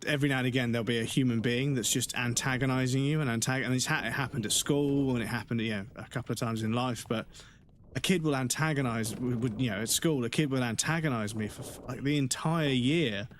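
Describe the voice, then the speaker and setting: A man's voice: medium pitch, fast, slight background noise. A man chatting frankly and rambling as he streams a game, swearing heavily. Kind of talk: casual chat while gaming on a livestream.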